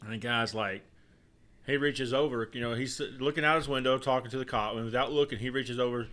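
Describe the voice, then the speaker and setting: A man's voice: mid-range voice, steady tone, brisk, a bit bright. A man co-hosting a podcast in casual chat, telling jokes and laughing through the punchlines. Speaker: podcast co-host.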